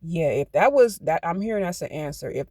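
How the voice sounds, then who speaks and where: A man's voice: on the high side, lively intonation, brisk, mellow, a little hiss or hum. Fired-up man reading tarot cards. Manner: emphatic, gets hyped, talks to self. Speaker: tarot card reader. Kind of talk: channeled card reading.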